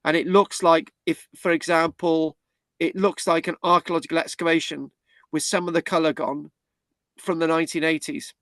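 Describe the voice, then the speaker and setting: High-voiced chatty British man tutoring online. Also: flat delivery, a bit bright, no echo. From Britain. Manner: chatty, halting, many restarts. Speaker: history class tutor and host. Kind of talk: casual online class talk.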